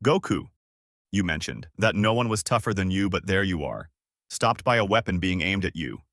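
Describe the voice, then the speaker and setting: Man doing a cool, calm pirate captain. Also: deep voice, moderate pace, dry recording, studio quality. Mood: calm teasing. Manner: calm, dryly teasing.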